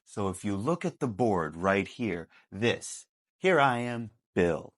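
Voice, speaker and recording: Male English teacher, low voice, very lively delivery, slow and emphatic. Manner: slow, emphatic explaining with acted example lines. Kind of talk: classroom video lesson. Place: classroom with a board.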